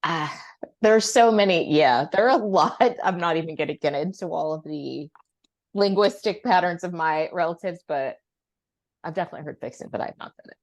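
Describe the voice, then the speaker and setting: A woman's voice: low voice, brisk. A woman co-hosting a podcast over a video call, chatting casually with emphatic agreement. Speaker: podcast co-host. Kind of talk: casual chat.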